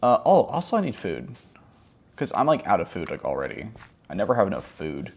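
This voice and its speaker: A man's voice: sits low, huge pitch swings, fairly quick, gravelly, a little mellow. A man around thirty chatting casually over his gameplay, rambling and self-mocking, dropping to mumbles and jumping to yelps. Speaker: gaming vlogger.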